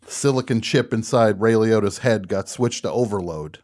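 A man hosting a radio show, telling a comic story in a casual, animated way and laughing at his own punchlines. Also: lowish voice, normal speed.

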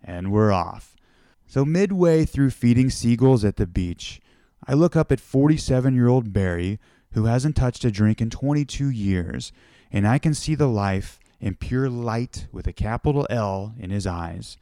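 A man's voice: mid-range voice, expressive, a little slow, warm tone, no echo, studio quality. A man from the United States hosting a podcast, telling a personal story in a reflective, conversational way. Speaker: podcast host.

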